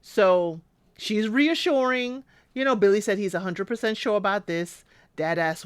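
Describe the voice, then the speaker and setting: Casual woman host, chatty and animated, acting out the quotes, dry close sound. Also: mid-range voice, moderate pace, clear, resonant tone, no room sound. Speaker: recap vlogger. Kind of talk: casual episode recap.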